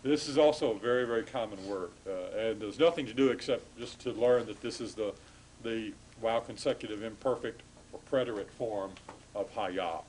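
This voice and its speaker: A man lecturing a class on grammar, halting and full of fillers, stopping to correct himself. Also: on the low side, darkish tone, slight background noise, rough recording.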